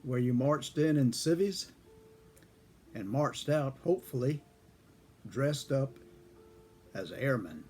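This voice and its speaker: An older man, a former airman, telling a story from his own past in a casual, folksy way, chuckling and clearing his throat now and then. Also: medium pitch, animated, slow pace, long pauses, darkish tone, slight background noise. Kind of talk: casual spoken memoir storytelling.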